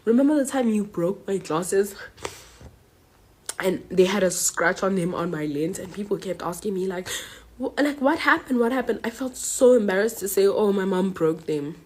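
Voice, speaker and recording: A woman's voice: mid-range voice, normal speed, a little mellow, a little hiss or hum. A young woman student from South Africa venting angrily online and confronting her mother directly. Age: young adult. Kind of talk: emotional social media rant.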